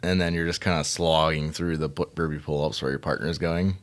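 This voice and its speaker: Deep-voiced male gym coach, easygoing, filler-heavy chat. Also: a little fast. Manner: relaxed, rambling with many fillers. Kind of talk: casual chat.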